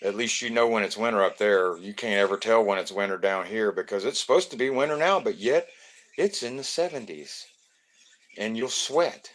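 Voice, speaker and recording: A man's voice: fairly low pitch, lively intonation, normal speed, fairly bright tone. A man, from Florida, hosting a casual live stream, greeting viewers by name in a loose, joking way.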